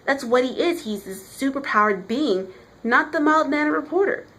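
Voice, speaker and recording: Animated chatty woman reviewing comics. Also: high-pitched, normal speed. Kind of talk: casual vlog review.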